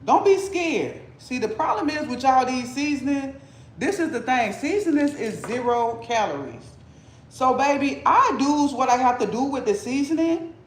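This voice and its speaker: A man's voice: very high-pitched, expressive, normal speed, a little hiss or hum. A man hosting a casual cooking livestream, talking playfully and teasing his chat while he cooks. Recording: echoey room.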